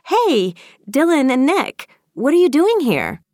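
Woman narrator putting on nervous teen girl, breathless, high-strung, pitched up, storybook. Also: wildly swooping pitch, slow, warm tone, no echo, studio quality, full character voice. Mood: excited. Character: anxious excitable young teen girl.

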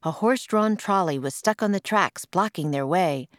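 A woman author reading her own storybook aloud in an expressive read-aloud style. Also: deep voice, normal speed, dry recording, clean studio sound. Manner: expressive, puts on voices for quoted lines. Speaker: author and narrator.

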